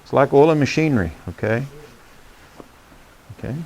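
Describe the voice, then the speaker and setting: A man's voice: mid-range voice, lively intonation, moderate pace, mellow. A man demonstrating saddle care beside his horse, talking in a folksy, plain-spoken way and checking in with "okay?" as he works. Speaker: horsemanship instructor. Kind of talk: hands-on demonstration.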